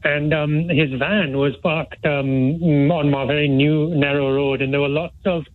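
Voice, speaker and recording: A man calling in to a radio phone-in, talking in a hushed, rambling way with lots of fillers and restarts. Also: fairly high pitch, steady tone, measured pace. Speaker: caller. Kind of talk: phone-in chat. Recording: tinny phone line.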